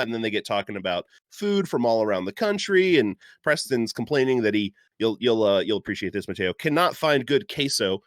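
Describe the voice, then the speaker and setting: A man's voice: on the low side, lively intonation, brisk, few pauses, no echo, clean studio sound. A man on a podcast telling casual stories with a laugh, easily sidetracked and full of fillers. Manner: chatty anecdote telling with frequent uh fillers and laughs. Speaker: podcast guest. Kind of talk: casual chat.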